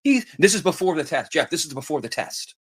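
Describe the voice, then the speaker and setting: A man's voice: a little high, big pitch swings, quick pace, breathy edge. Rambling middle-aged man telling stories. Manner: rambling, repeats himself, acts out quoted voices. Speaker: podcast guest telling family stories. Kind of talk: casual chat.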